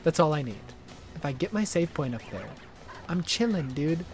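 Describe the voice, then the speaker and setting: A man's voice: a little high, big pitch swings, normal speed, soft background music. A man streaming a game live, swearing and talking back at the game in exasperated bursts. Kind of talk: live gameplay commentary.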